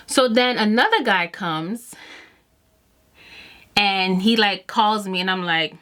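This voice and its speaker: A woman's voice: medium pitch, slow pace. A woman beauty vlogger telling a personal story in a casual, chatty way to camera, often acting out what she and others said. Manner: chatty and animated, quoting herself and others. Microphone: camera mic while doing makeup.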